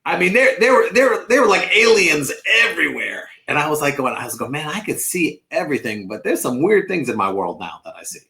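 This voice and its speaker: A man's voice: on the high side, very animated, fairly quick, few pauses, pushed and bright. A man telling rambling, stammering comic stories in a casual radio chat. His voice sits mid-range but moves a lot, up and down. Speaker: lawyer and comedian guest.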